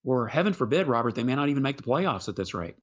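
A man co-hosting a sports podcast, talking basketball in a casual, halting way and often repeating words as he starts a sentence. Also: mid-range voice, big pitch swings, dull audio.

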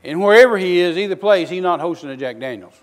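A male missionary preacher delivering a sermon, telling folksy stories with bursts of loud outrage. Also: high-pitched, expressive, quick pace, in a large hall.

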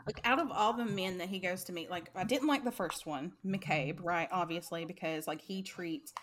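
A woman with a fairly low voice talks casually about a book with a friend. She throws herself into the retelling, acting out the characters' lines with sudden leaps in pitch, and laughs often along the way. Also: moderate pace, slight background noise. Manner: animated, acts out quotes with big pitch jumps, laughs often. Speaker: book podcast co-host.

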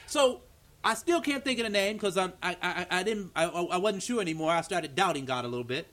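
A male pastor preaching an animated, story-driven sermon at a church meeting, acting out dialogue and repeating words for emphasis. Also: sits high, fairly quick.

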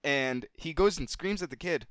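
A man co-hosting a podcast, telling a childhood story in a casual, animated way and swearing freely. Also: normal speed, dry recording, studio quality. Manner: animated, gets louder and higher at the story's climax. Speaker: podcast co-host.

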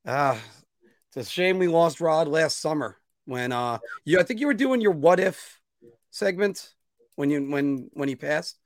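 A man's voice: a little high, lively intonation, measured pace, no echo, studio quality. A man hosting a casual sports podcast, chatty and promotional with frequent fillers. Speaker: podcast host.

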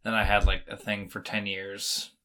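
A man's voice: fairly low pitch, level tone, normal speed, bright, forceful tone. A young man with a sick voice hosting a podcast in casual, rambling chat. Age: young adult. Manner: rambling, many "like" fillers. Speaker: podcast host.

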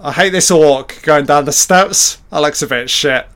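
A man gives a live reaction commentary over a film, blurting out excited, profanity-laden remarks. His voice is smooth and clear, and he talks at an unhurried pace even when he gets worked up. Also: on the high side.

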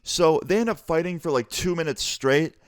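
A man's voice: moderate pace, no room sound, studio quality. Laid-back young man telling a story. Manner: laid-back, swearing, low-key delivery. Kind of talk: casual storytime vlog.

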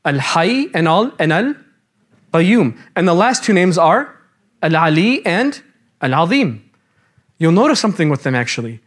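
High-voiced man teaching an animated class. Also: unhurried. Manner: lively, quizzes the class, casual slang. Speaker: religious teacher. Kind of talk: interactive classroom lecture. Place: classroom with students and slides.

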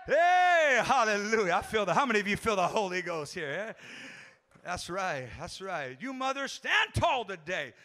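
A man preaching a fervent sermon as pastor, swinging from hushed passages to shouted ones and breaking into tongues. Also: sits high, big pitch swings, normal speed. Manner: speaks in tongues between phrases.

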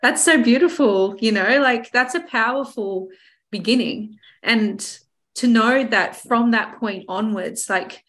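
A woman's voice: on the high side, measured pace, fairly bright tone. A woman hosting a conversational interview, responding reflectively with casual fillers like "you know" and "like". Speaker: podcast host.

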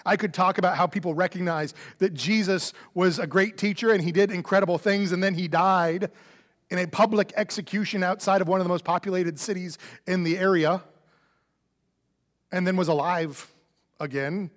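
Animated high-voiced man preaching in a hall. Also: moderate pace. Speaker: pastor. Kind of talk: Easter sermon. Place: church sanctuary.

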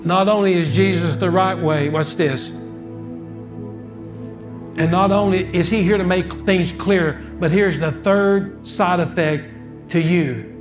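A man preaching with a high voice, telling folksy stories and doubling back on his words as he talks. Soft music sits faintly behind him. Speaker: pastor. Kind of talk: sermon.

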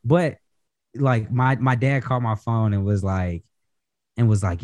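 Young guy ranting a story on a podcast, pitch jumps all over, super dry sound. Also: measured pace, no echo. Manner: profane, animated storytelling with mimicked dialogue. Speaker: podcast co-host. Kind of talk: casual storytelling chat.

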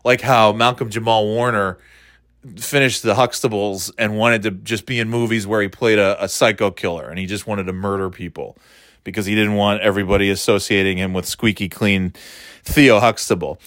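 A man, talking in a rambling, profane, animated way, dropping into quick impressions. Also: on the low side, no room sound, studio quality. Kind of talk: casual comedic monologue.

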